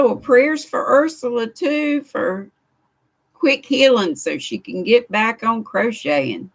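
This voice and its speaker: Slow, gravelly older Southern woman. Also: medium pitch, a bit bright. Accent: Southern American. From United States. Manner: chatty and homespun, greeting viewers by name. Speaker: livestream host. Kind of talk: casual live chat, reading viewer comments. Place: craft room indoors.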